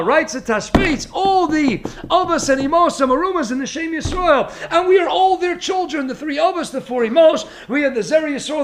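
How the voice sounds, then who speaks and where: A man giving a Torah lecture as a rabbi, with an expressive, sing-song delivery full of rhetorical questions. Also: very high voice.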